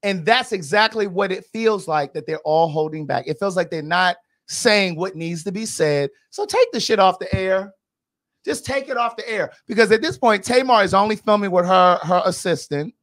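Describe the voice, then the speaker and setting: A woman's voice: mid-range voice, normal speed. Woman, podcast host, outspoken, profane, emphatic casual commentary. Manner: blunt, outspoken, profane gossip; animated and emphatic. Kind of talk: casual pop-culture commentary.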